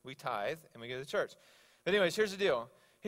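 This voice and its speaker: A male pastor preaching a sermon, telling stories with animated swings between loud exclamations and hushed asides. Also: on the high side, fast talker. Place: church sanctuary.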